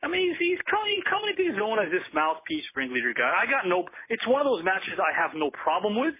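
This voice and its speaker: A man's voice: sits high, wildly swooping pitch, fast, husky. A man co-hosting a podcast in a casual chat, talking in rambling, self-correcting stretches of opinion. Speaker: podcast co-host. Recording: tinny phone-like, dry sound.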